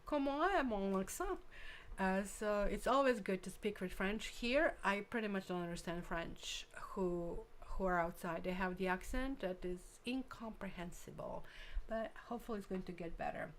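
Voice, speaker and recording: A woman's voice: medium pitch, fairly even intonation, normal speed, a little hiss or hum. A woman hosting a live tarot stream, chatting casually with viewers and thinking aloud while she works.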